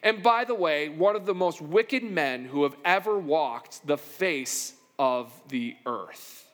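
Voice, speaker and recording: A man's voice: a little high, lively intonation, slow pace. A man preaching a sermon and telling the story with animation, acting out the characters' lines. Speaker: pastor. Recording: long hall reverb.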